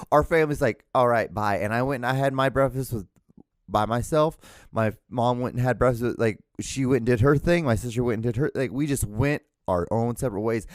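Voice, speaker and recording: A man's voice: medium pitch, a little mellow, dry recording, clean studio sound. A man hosting a solo podcast, rambling casually with lots of swearing, restarts and self-mocking laughs. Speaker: podcast host.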